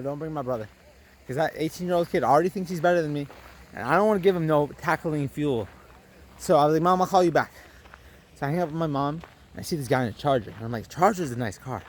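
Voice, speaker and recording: A young man vlogging, telling a story with animated delivery and acting out his own lines. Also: fairly high pitch, fast talker. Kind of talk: storytelling vlog.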